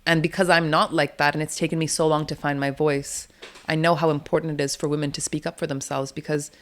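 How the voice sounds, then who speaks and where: A woman's voice: sits low, quick pace. A woman doula speaking as an interview guest, outspoken and blunt, swearing casually and laughing often as she talks. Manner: animated, laughs often between points.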